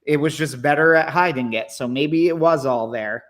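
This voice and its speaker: A man co-hosting a casual livestream chat, rambling and hesitant with lots of fillers, in a wry, low-key way. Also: normal speed, a bit bright. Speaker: co-host, movie commentator.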